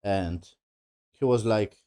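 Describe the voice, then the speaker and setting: A man casually recapping and reviewing a TV episode, talking loosely and swearing, with non-native English grammar and quick mimicry of the characters. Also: lowish voice, warm tone, clean tone. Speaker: TV show reviewer.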